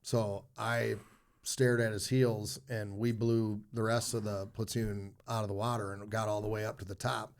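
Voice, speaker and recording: A man telling a story in casual conversation, with many pauses, restarts and fillers. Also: fairly low pitch, little pitch movement. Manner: rambling, filler-heavy anecdote telling. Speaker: podcast guest, former Marine.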